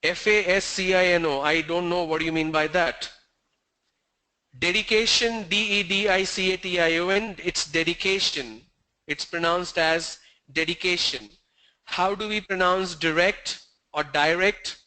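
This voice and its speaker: Brisk, strict teacher. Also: male voice, high voice, steady tone, pushed and bright, clear, resonant tone. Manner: spells words letter by letter, corrective, strict. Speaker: English pronunciation teacher. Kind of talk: online class answering student questions.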